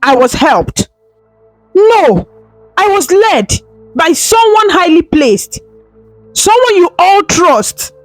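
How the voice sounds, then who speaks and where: A woman's voice: high-pitched, big pitch swings, measured pace, dry recording, soft background music. A woman storyteller voicing a desperate young woman who pleads through tears with a trembling voice. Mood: pleading.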